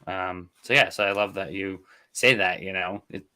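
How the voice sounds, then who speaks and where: A man's voice: sits low, fairly even intonation, moderate pace, bright, forceful tone, clear, resonant tone. A man hosting an interview show, asking rambling questions with many fillers. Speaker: host. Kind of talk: casual interview chat.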